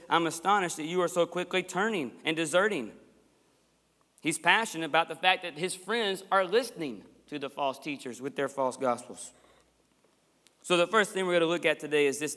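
A man's voice: fairly high pitch, bright, forceful tone. A man preaching a sermon as pastor in a church sanctuary, passionate and emphatic, with folksy asides to the congregation. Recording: long echoey church hall reverb.

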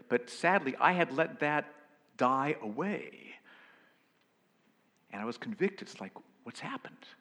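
Male pastor, mid-pitched, earnest sermon delivery with whispered asides, long church reverb. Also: husky. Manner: earnest, swings from loud emphasis to hushed whispers.

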